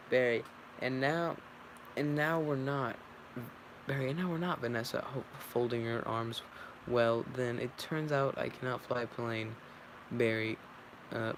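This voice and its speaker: A man's voice: medium pitch, noisy background. A man reading a film script aloud, stage directions and all, often stumbling and correcting himself. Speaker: script reader. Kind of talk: casual read-through of a film script.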